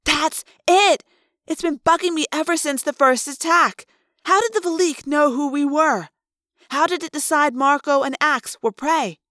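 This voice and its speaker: A woman reading an audiobook, voicing a sharp, thoughtful teenage girl who fires off quick, eager questions. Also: fairly high pitch, dry recording, clean studio sound, pitched above the performer's own voice. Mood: excited. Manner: quick questioning bursts, rising in excitement.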